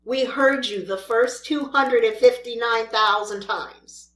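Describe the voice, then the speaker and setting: A woman's voice: on the high side, takes it slowly, echoey room. A woman mukbang vlogger ranting in an exasperated, scolding way at other creators while she eats. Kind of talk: ranting vlog while eating.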